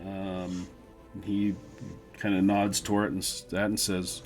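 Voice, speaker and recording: A man with a low voice narrates a tabletop game at an unhurried pace. He is relaxed and laughs often while describing scenes, with faint music under him. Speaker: game master.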